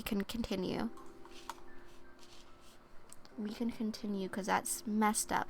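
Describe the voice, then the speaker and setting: A young woman streamer reading oracle cards in a soft-spoken ASMR style, chatty and thinking aloud. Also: on the high side, measured pace, pauses often, a little hiss or hum.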